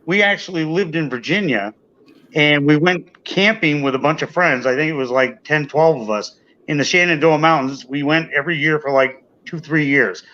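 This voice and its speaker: Higher-voiced man telling a story haltingly. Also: sharp tone. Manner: hesitant, searching for words, lots of "you know". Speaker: interview guest. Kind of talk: casual storytelling. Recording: dull lo-fi audio.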